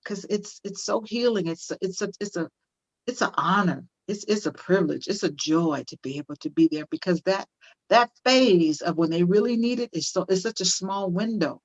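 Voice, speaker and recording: A woman's voice: medium pitch, lively intonation, moderate pace, no room sound. Impassioned older woman on a muffled line. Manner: impassioned, repeats phrases for emphasis, acts out parents' voices. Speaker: guest speaker on parenting. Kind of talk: conversational interview, teaching. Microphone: video call.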